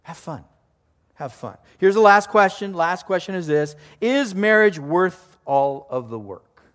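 Chatty older male pastor, slightly high voice. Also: lively intonation, measured pace, a bit bright, long reverb tail. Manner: conversational, joking storyteller. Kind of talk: sermon.

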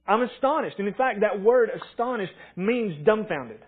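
A man preaching a conversational sermon, telling stories and acting out quotes in an animated way. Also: sits high, normal speed, few pauses, breathy edge, narrow, tinny audio, soft background music. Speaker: pastor.

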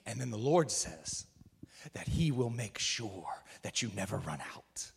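A male preacher delivering a sermon emphatically, often raising his voice to a shout. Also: on the low side, big pitch swings, unhurried, creaky, husky. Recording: reverberant hall.

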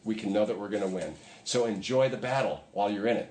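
A man's voice: lowish voice, quick pace, few pauses, a little mellow, echoey room. A man preaching a sermon in a conversational way, with emphatic repetition. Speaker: pastor.

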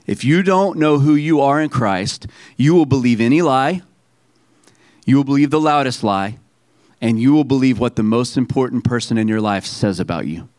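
A man delivers a sermon, urging his congregation to repeat phrases back to him. He reads passages aloud slowly and with weight. His voice sits in a middle pitch and sounds dry and close to the mic. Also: lively intonation, darkish tone, no room sound. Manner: preaching with call-and-response to the congregation. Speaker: pastor.

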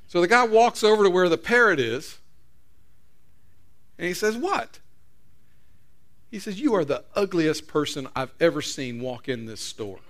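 A man's voice: high-pitched, expressive, measured pace, pauses often, a bit bright. A man voicing a rude male parrot in a pet store that insults customers. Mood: cheeky. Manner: blunt, cheeky calls across the room.

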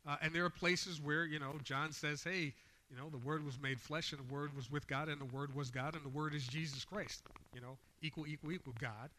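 A man's voice: fairly high pitch, steady tone, a little fast, long reverb tail. Emphatic man preaching a sermon. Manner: emphatic, rising loud on scripture readings.

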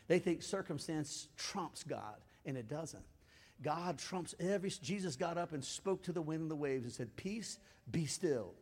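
A man preaching a sermon in a fairly high voice, rising to loud, fervent exhortation and then dropping to a hushed, close tone. His words ring out in a big hall with a long reverb tail. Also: expressive, normal speed. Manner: swings from loud exhortation to hushed, intimate talk. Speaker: pastor.

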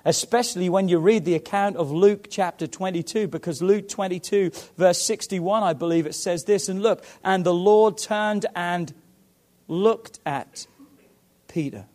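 A man preaching a sermon, swinging from hushed to loud and fervent, acting out Bible dialogue. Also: high-pitched, unhurried. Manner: acts out Bible dialogue with stammered repeats. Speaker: pastor.

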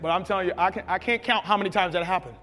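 A man preaching a sermon, telling stories with big shouts and sound effects. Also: high-pitched, racing, in a large hall. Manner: animated storytelling, shouting at peaks, sound effects. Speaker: pastor.

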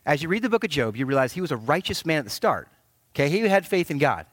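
A middle-aged male pastor preaching a sermon in an animated, joking manner. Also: a little high, quick pace, no room sound, studio quality. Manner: animated, joking preacher who acts out quotes.

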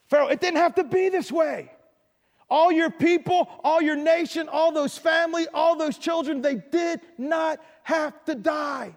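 Man doing a deep stern prophet, slow and heavy, reverby hall. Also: a little mellow, close to an everyday voice. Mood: anguished. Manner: slow and grave, then pleading with anger. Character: stern prophet delivering God's doom, male.

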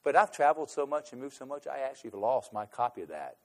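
Guy spinning a yarn, gets loud then drops way down, middle-of-the-road pitch. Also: quick pace. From United States. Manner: animated storyteller, swings between loud emphasis and quiet asides. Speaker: speaker recounting a trip abroad. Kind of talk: personal anecdote storytelling.

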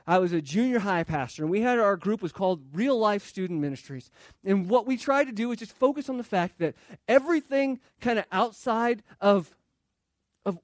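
Casting note: male pastor, high voice, dry close sound, casual sermon delivery in a church. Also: no room sound. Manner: conversational, acts out quoted voices.

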